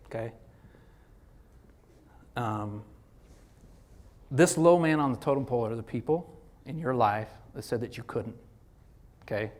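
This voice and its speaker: A man giving a casual motivational lecture to students as a guest executive speaker, animated and slangy, full of "like" and "dude.". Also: medium pitch.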